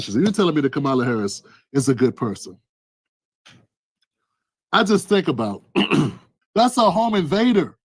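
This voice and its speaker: Animated man ranting in a high voice. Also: a little slow, long pauses, husky, dry recording, poor audio. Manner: animated, acts out scenes with loud exclamations. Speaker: political commentary vlogger. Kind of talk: ranting commentary vlog.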